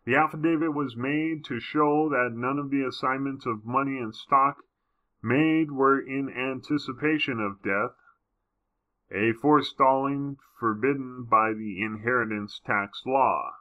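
A man's voice: medium pitch, unhurried, phone-quality sound. Man reading history with wry asides. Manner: wry asides between passages. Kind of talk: reading a history book aloud with commentary.

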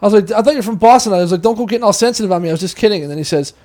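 A man's voice: high voice, very fast, a little mellow. A man hosting a podcast, telling a long, profane, rambling story in casual chat. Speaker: podcast host.

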